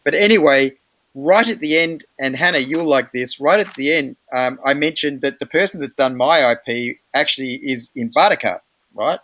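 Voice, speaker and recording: Australian male host, chatty, animated storyteller, dry close sound. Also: medium pitch, moderate pace, dry recording. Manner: chatty, animated, many fillers, acts out quoted voices. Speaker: meeting host. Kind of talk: casual storytelling in an online meeting.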